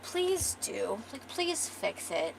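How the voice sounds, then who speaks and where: Woman doing a tall, flirty gentleman. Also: fairly high pitch, big pitch swings, slow pace, noisy background, full character voice. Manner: smooth, flirty.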